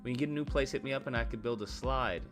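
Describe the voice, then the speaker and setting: A man's voice: mid-range voice, quick pace, music in the background. A man casually chatting on a live stream while reacting to videos and reading chat, loose and profane, with many fillers.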